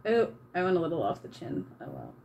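A woman's voice: sits low, huge pitch swings, quick pace, mellow, slight background noise. A woman chatting casually while she paints, self-mocking and embarrassed, giggling and swearing freely. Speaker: channeler and vlogger.

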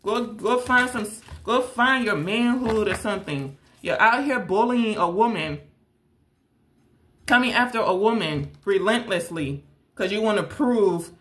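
A woman with a voice of middling pitch addresses her viewers directly. She hosts a tarot channel and talks in a blunt, confrontational rant. She circles back to the same points again and again. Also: a bit bright. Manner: confrontational, blunt, repeats herself.

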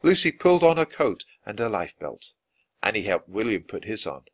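A man reading a children's book aloud, clear and expressive, at an easy pace for learners. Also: fairly low pitch, moderate pace, no echo. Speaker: storybook reader.

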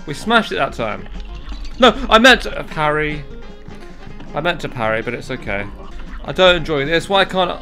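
A young man commentating a video game, excitable and jokey, yelling and swearing at it and talking himself down between fits. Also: high-pitched. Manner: talks to himself, jokey asides. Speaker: gaming YouTuber. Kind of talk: let's play commentary.

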